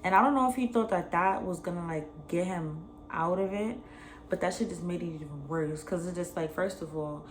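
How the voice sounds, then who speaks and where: Young woman w/ new telling a story, kinda low voice, lots of hiss in the background. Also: moderate pace. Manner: animated, slangy retelling, acts out both sides. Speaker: vlogger. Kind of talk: casual storytime.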